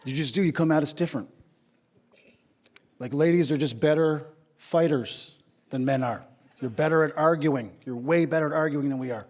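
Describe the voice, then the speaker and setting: A man from Newfoundland, Canada, doing animated stand-up comedy on a theater stage and talking straight to the crowd through a handheld mic. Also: on the high side, normal speed. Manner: animated storytelling, addressing the crowd. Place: theater stage before a live audience. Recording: theater reverb, audience noise.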